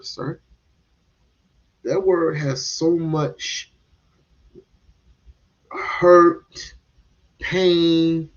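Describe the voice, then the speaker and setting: A man's voice: on the high side, darkish tone, dull audio. A man giving heated, casual commentary on a stream, restarting and repeating words as he goes.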